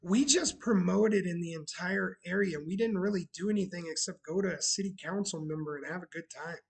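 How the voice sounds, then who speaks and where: This bar roleplay streamer talks a little fast in a high, slightly rough voice, and the recording itself is rough. Casual, sarcastic and talkative on his live stream, he greets viewers as he goes.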